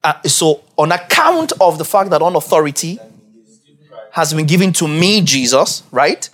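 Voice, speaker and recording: A man preaching a sermon as pastor, emphatic and repetitive, building to raised, shouted peaks. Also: a little high, lively intonation, moderate pace. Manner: emphatic, repeats key phrases, rising to shouts.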